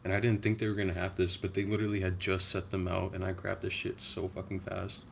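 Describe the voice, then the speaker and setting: A young man hosting a casual livestream, chatting in a soft-spoken, rambling way. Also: deep voice, monotone, fast talker, creaky, slight background noise. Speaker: livestream host.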